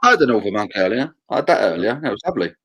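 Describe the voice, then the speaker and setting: A man's voice: fairly low pitch, very animated, very fast, a bit bright, slight background noise. A man from the Suffolk coast, chatting casually and playfully over beers on a live stream. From Suffolk coast, England. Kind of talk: casual beer chat.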